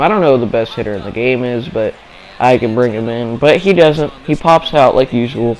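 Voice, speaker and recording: Young man, casual gameplay commentary, playful, mock-dramatic asides, mid pitch. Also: expressive, normal speed, darkish tone, low-quality recording.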